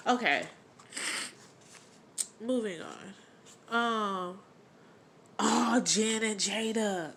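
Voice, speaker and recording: A young woman vlogger recaps a reality show in slangy, gossipy chat, acting out snippets of what people said. Her medium-pitched voice is creaky and very slow, with long pauses, yet her delivery stays animated and chatty. There's slight background noise.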